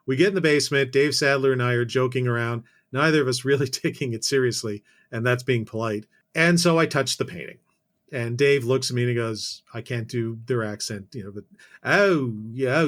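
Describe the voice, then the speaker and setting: A Canadian man, a podcast guest, telling a casual story full of self-corrections and dry asides. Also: mid-range voice.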